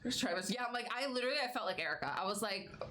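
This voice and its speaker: A woman's voice: mid-range voice, animated, racing, sharp tone. A young adult woman streamer chatting casually and laughing often between stories. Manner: chatty, giggly, baby-talks her pets. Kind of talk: casual chat.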